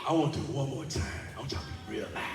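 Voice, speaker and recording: A man speaking as a motivational speaker and teaching artist at a school assembly, playful and animated, getting the children to call back to him. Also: medium pitch, racing, loud music behind the voice. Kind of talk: energetic school assembly talk with call-and-response. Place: large indoor school hall. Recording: echoey hall with faint background noise.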